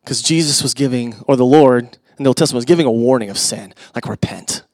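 A middle-aged pastor talks fast in a medium-pitched voice while preaching, chatting with the congregation through asides. He swings between loud emphasis and hushed near-whispers, and there's no room sound.

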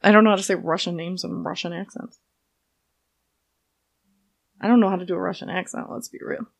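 A woman's voice: lowish voice, fairly even intonation, a little fast, gravelly. A young woman co-hosting a casual chat podcast, joking and swearing, reading excerpts aloud. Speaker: podcast co-host.

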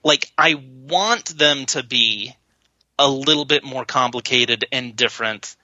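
A man's voice: mid-range voice, measured pace, dry recording. A man hosting a podcast, chatting casually and jokingly about a movie. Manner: animated, joking, trails off and restarts. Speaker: podcast host. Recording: slightly dull lo-fi sound.

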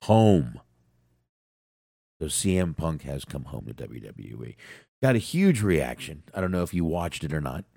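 A man with a very deep voice hosts a loose wrestling podcast while nursing a sinus cold. He swears constantly and rants with a lively, animated pitch. The sound is close and dry. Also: a little slow, gravelly, pauses often, dry recording. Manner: profane, excitable, ranting. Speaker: podcast co-host. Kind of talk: casual wrestling podcast chat.

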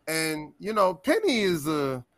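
A man guest on a podcast, telling tour stories in a casual, animated and profane way, laughing often. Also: fairly high pitch, measured pace, no room sound. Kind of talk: casual storytelling chat.

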